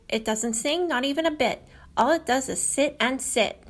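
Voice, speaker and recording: A woman's voice: high-pitched, expressive, normal speed, a bit bright. A woman reading a picture book aloud for a library story time, imitating bird calls as she goes.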